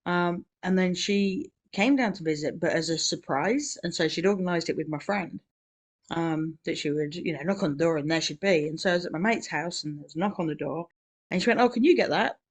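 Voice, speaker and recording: Chatty New woman telling a story. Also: on the low side. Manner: rambling, chatty storytelling with many fillers; quick laughs between remarks. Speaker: podcast co-host. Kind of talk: casual conversation.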